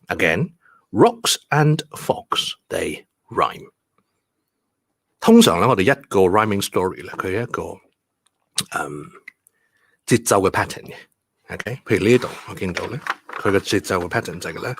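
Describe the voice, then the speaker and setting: A man's voice: sits low, sing-song, normal speed, long pauses, no echo, studio quality. A man, teaching stress and rhyme through a bedtime story on a livestream, patient and step by step. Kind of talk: bilingual livestream lesson and bedtime story reading.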